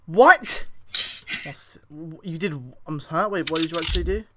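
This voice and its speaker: A man's voice: a little high, normal speed, noisy background. Sarcastic young gamer guy on voice chat. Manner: sarcastic, teasing, swears a lot. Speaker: gamer streaming play. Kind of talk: casual voice-chat banter while gaming.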